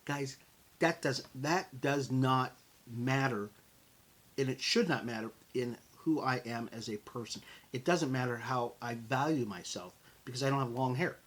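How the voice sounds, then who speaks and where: Husky middle-aged male podcast host. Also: mid-range voice, a little slow. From United States. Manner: animated and conversational, addresses listeners as folks. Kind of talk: motivational podcast talk.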